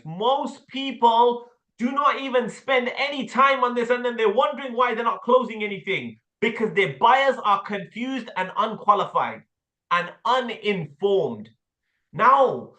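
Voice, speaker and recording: A man with an English accent coaching a sales team, blunt and animated, with casual slang and the odd swear word. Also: sits high, moderate pace, reverberant. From England. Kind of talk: sales training talk with role-play.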